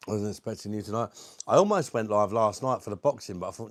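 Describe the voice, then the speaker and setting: A British man with a lowish voice chats casually on a live beer stream, calling out viewers and swearing now and then. He has a lingering cough. The sound is dry and close. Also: big pitch swings, measured pace, pauses often, a bit bright, no echo. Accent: British English. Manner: chatty, greets viewers by name, swears casually. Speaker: livestream host reviewing beer.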